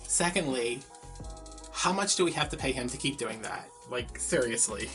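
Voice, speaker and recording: A man's voice: medium pitch, lively intonation, normal speed, a bit bright, soft background music. A man, telling a gossipy story in a casual, chatty way while he crafts. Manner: chatty, gossipy, heavy use of filler words. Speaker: crafting vlogger.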